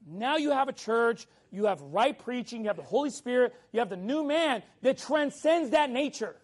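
A middle-aged male pastor preaching a sermon in a casual, animated way, telling a personal story and keeping in touch with his listeners. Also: extremely high pitch, moderate pace.

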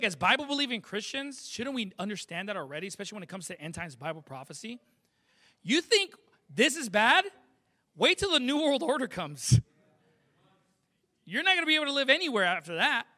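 Male pastor, very high voice, punchy emphatic sermon delivery, keeps asking the crowd questions. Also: very animated, fairly quick, long pauses, sharp tone. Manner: emphatic preaching with rhetorical questions.

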